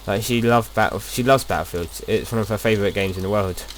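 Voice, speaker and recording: A man's voice: fairly low pitch, fast, slight background noise. A young man casually talking through his gameplay as a video host, rambling and chatty, often restarting his sentences.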